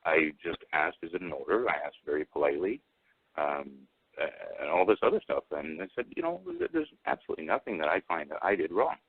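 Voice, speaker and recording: A man telling a rambling personal story over the phone, halting with many restarts and fillers. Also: very deep voice, huge pitch swings, creaky, slightly rough, no echo. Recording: tinny phone line, dry.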